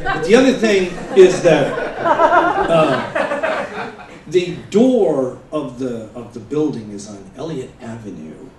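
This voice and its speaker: Brief: male stand-up comic, loose rambling storyteller who bursts into shouted bits, echoey live-venue sound. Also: a little high, very animated, slow pace, crowd noise. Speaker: stand-up comedian. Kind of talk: stand-up comedy set. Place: comedy stage before a laughing audience. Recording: roomy live venue, mic heard from a distance.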